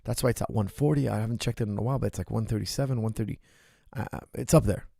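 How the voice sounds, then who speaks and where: A man's voice: fairly low pitch, rapid-fire, gravelly, dark tone, no room sound, studio quality. A middle-aged man, a martial arts coach, answering viewer questions on a livestream in an emphatic way that keeps checking in with "right?" and "okay?".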